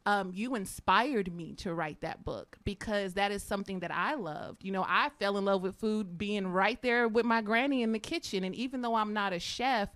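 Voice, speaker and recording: A woman author speaking as a guest on a radio show, heartfelt and halting, with many fillers as she holds back tears. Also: mid-range voice, a bit bright. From United States. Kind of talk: emotional radio interview.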